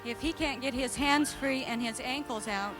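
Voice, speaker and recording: A woman assisting at a live stage act, explaining the procedure in a calm, matter-of-fact way. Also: high voice, moderate pace, over music.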